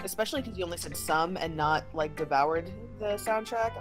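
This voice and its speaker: A woman's voice: on the low side, fairly quick. A young woman co-hosting a let's play, trading teasing jokes with her friend over game music. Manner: teasing, joking banter. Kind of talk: casual gaming chat. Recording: game music playing behind.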